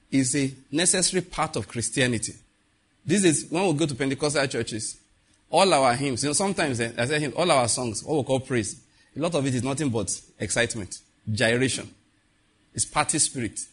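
A man preaching a sermon in a church, lively and conversational, asking the congregation questions. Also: mid-range voice, husky. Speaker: pastor.

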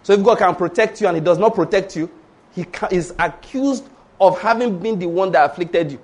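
A man preaching a storytelling sermon, swinging between hushed asides and loud exclamations. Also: sits high, a little fast.

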